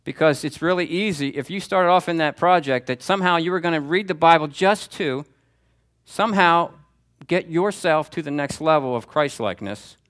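A man's voice: on the high side, normal speed, a bit bright. A man preaching a sermon as pastor, in a conversational, emphatic style that repeats key phrases.

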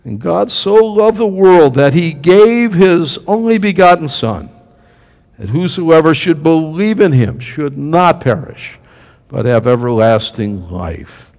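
A man preaching a sermon in a lively way, acting out the voices in the story and putting questions to his listeners. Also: a little high, takes it slowly, in a large hall. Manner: animated, acts out quotes, asks the congregation questions. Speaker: pastor.

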